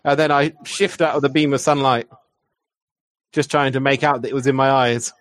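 A man's voice: mid-range voice, flat delivery, moderate pace, fairly bright tone, dry recording. A man playing a character in an online tabletop game, playful and joking. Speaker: player.

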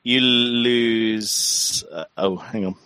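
A man's voice: medium pitch, very slow, pushed and bright, clean tone, dry recording. A man narrating a tabletop horror game as game master, in a loose, filler-heavy way.

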